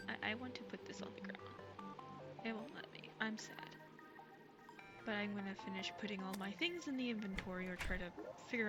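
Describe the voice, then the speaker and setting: A woman streaming live while gaming, chatting casually and gushing excitedly over her viewers. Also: medium pitch. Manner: bubbly and gushing, thanks chat excitedly.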